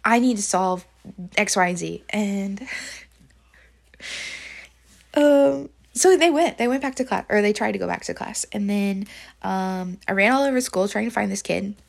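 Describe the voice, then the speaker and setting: A woman's voice: mid-range voice, unhurried, vocal fry, long pauses. A woman teacher talking through a hard week in a personal diary recording, rambling with many fillers and open about her feelings. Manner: emotional, confessional.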